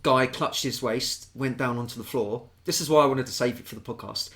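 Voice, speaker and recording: A man with a British accent, co-hosting a podcast and telling stories in an animated, sweary way. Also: medium pitch, a little fast. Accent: British English. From England. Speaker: podcast co-host. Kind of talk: casual storytelling chat.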